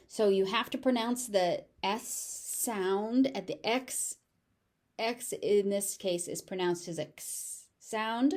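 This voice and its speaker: A woman with a General American accent leads a pronunciation lesson at an unhurried, deliberate pace. She says each word slowly and clearly, repeats it several times, and adds short tips between the words. Her voice sits at a medium pitch. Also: a little mellow. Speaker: English pronunciation teacher.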